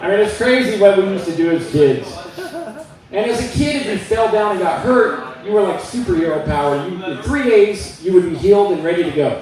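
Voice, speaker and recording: A man performing a stand-up comedy set on a club stage, telling jokes in a loose, conversational way with quick voiced asides. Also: high voice, animated, a crowd in the background. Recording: echoey room, mic at a distance.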